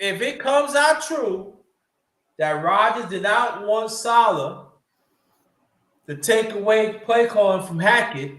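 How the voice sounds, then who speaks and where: A man hosting a casual football chat, animated and swearing, often restarting his sentences. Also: high voice, roomy sound.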